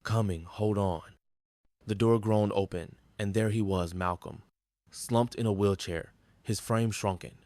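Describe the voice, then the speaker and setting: A man narrating a dramatic story in a grim, measured, intense manner. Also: fairly low pitch, darkish tone, no room sound.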